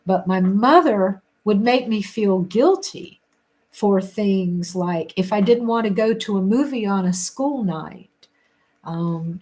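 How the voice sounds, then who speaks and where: A woman talks casually to her viewers, thinking aloud and rambling. She restarts sentences and laughs softly between thoughts. Her voice sits in a middle pitch. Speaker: livestream host reading viewer comments. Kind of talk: casual reflective chat.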